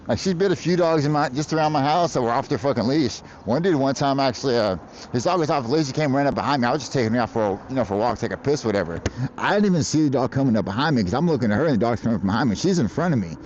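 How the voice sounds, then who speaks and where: A man's voice: mid-range voice, animated, rapid-fire, a little mellow, slight background noise. Profane rambling man, dull street-stream audio. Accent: American. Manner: profane, rambling, laughs often. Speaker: livestreamer. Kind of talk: casual live-stream chat. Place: outdoors in traffic on a bike.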